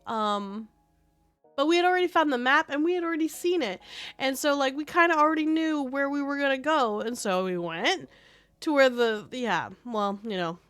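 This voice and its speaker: High-voiced rambling woman streamer. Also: moderate pace, no room sound, faint music behind. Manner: rambling, animated storytelling with many fillers. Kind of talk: casual stream chat.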